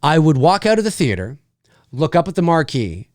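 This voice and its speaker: A man hosting a live stream, answering viewer questions in an animated way. He often repeats himself and laughs. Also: fairly high pitch, moderate pace, no echo, clean studio sound. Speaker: host.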